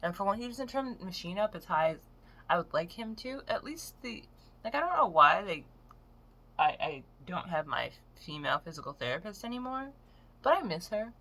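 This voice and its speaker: A woman's voice: medium pitch, very animated, moderate pace, sharp tone. A woman in her late twenties ranting frankly and with plenty of swearing in a casual vlog. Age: 20s. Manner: frank, profane, exasperated storytelling. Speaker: vlogger. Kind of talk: casual rant to camera.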